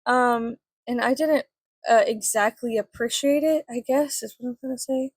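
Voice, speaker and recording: A woman's voice: on the high side, moderate pace, slightly rough, no room sound. A woman telling a story casually as she does her makeup, rambling with lots of fillers and frequent swearing. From Mexican family. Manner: chatty, swears often, filler-heavy, rambling. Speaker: vlogger.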